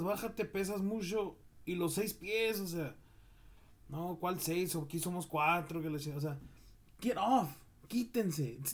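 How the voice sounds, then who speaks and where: A man's voice: fairly high pitch, darkish tone. A man in a casual comedic rant, exasperated, peppering his talk with "dude" and "like" and switching between English and Spanish.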